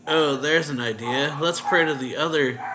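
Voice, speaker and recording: A man reading out the lines of a quiet, reserved young male manga character in a plain, low-key way. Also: moderate pace, noisy background, natural voice. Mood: thoughtful.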